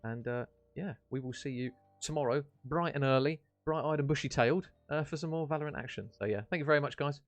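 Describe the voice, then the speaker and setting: A man's voice: on the high side, fast, hardly any pauses, no echo, soft background music. A man casting an esports charity stream, chatty and matey as he wraps up the day. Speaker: esports caster. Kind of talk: esports stream sign-off commentary.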